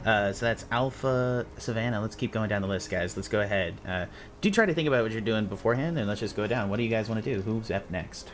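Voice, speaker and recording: A man narrating as game master of a tabletop game, rambling with quick asides. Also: on the low side, slight background noise.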